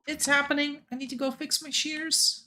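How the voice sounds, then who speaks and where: A woman's voice: sits high, flat delivery, normal speed, bright, forceful tone, a little hiss or hum. A woman streaming a game, chatting casually and playfully with the other players and her viewers.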